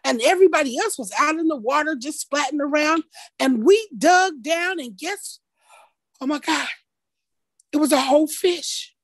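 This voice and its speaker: Woman storyteller, high lively voice, unhurried, expressive, folksy, video call. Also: no echo.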